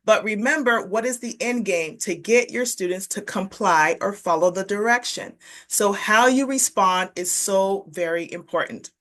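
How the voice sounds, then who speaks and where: A woman's voice: mid-range voice, fairly bright tone. Upbeat woman giving teaching tips. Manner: upbeat, encouraging, addresses viewers directly. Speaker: behavior strategist for teachers. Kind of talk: direct-to-camera teaching tips.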